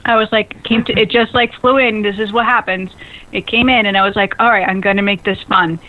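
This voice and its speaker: A woman hosting a radio show, chatty and excitable, quick to laugh. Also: medium pitch. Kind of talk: lively casual radio chat. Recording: phone-like narrow band radio sound.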